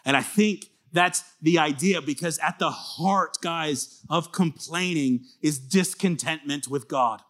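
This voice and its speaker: Earnest pastor preaching conversationally. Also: male voice, on the high side, a little slow, hardly any pauses. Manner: rises to emphatic bursts, drops to soft confiding tones. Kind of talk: sermon.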